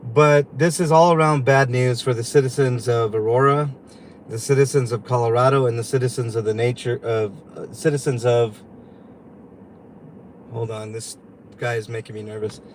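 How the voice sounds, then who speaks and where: A man hosting a livestream from inside a vehicle, venting in a halting, upset way and greeting viewers. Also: mid-range voice, steady tone, slight background noise. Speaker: livestream host. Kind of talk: livestream commentary.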